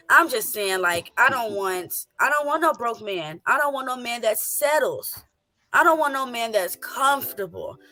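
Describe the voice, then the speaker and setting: A Southern woman hosting a casual chat in a bright, forceful voice that sits a little high. She talks bluntly and with animation, and now and then slips into a preachy tone. Soft music plays behind her. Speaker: podcast host.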